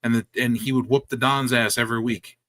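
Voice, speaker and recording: A man's voice: medium pitch, little pitch movement, a little fast, fairly bright tone, no room sound. A man co-hosting a wrestling review podcast, blunt, heated and profane. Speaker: podcast co-host. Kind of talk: casual wrestling review chat.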